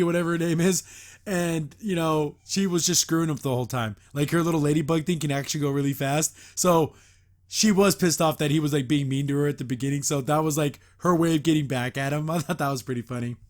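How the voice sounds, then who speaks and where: Male host, somewhat high-pitched, rambling casual recap, filler-heavy, laughs often. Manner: chuckles often while recapping. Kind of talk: casual episode review.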